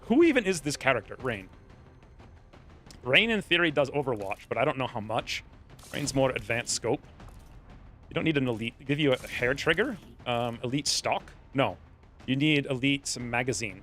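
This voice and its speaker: A man's voice: medium pitch, fairly bright tone, slight background noise. A man streaming a strategy game, chatting casually and drifting into stories while he plays. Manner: rambling, distracted, storytelling asides. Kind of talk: casual gameplay commentary.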